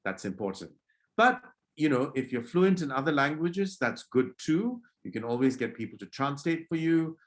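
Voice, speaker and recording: A man leading an online public speaking workshop for children over a video call, acting out greetings to show different moods and gently scolding kids who disrupt. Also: on the high side, big pitch swings, moderate pace. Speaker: workshop presenter.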